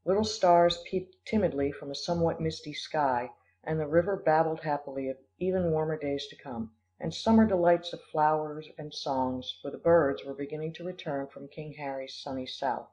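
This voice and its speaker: A man narrating an audiobook in a measured, expressive storytelling manner. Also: fairly high pitch. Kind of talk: audiobook reading. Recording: dull lo-fi recording.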